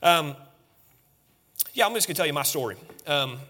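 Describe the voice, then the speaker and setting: A man in his thirties preaching a relaxed, conversational sermon to his congregation, self-deprecating and full of fillers and restarts. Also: on the high side, normal speed. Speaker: pastor. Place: church sanctuary, seated before the congregation.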